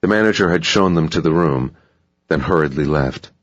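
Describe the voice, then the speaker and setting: A male narrator with an extremely deep, husky voice reads the story in a steady, even manner. The recording is dry and dull, like a muffled audiobook. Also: normal speed, no room sound. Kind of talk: scripted narration.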